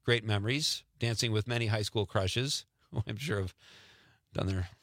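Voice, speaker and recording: A man's voice: lowish voice, moderate pace, fairly bright tone, dry recording. A man in his fifties from Wisconsin hosting a casual radio talk show, chatty and laughing often into a studio mic.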